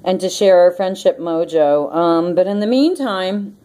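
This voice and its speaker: Giggly, mellow-voiced woman vlogger. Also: on the low side, a little slow, rough recording. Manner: giggly, breaks into laughter often; chatty, rambling with many ums. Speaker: host of a prayer and meditation channel. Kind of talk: casual spiritual vlog with prayer and reading.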